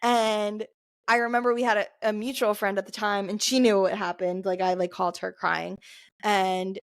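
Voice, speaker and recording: A woman's voice: medium pitch, flat delivery, moderate pace, no room sound, clean studio sound. A woman in her twenties, a podcast co-host, telling a personal story in casual chat, full of filler words and laughs. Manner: chatty, lots of "like" fillers, laughs often.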